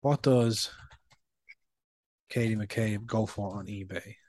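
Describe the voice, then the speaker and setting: A man co-hosting a casual podcast, telling stories with frequent filler pauses. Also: lowish voice, steady tone, a little mellow, no room sound. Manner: chatty, storytelling with filler pauses. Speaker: podcast co-host. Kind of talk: casual chat.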